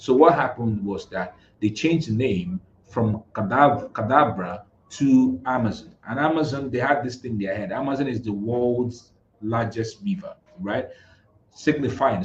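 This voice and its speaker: A man's voice: on the low side, a little mellow. A Nigerian man coaching on marketing, emphatic and repetitive, often checking in with "right?" as he explains. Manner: emphatic, repeats words, frequent "right?" tag questions. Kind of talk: motivational business talk. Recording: echoey, dull lo-fi room sound with faint noise.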